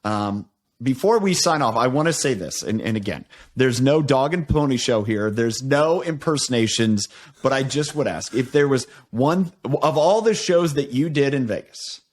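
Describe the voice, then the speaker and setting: Mid-pitched male podcast host. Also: expressive, normal speed. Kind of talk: casual interview.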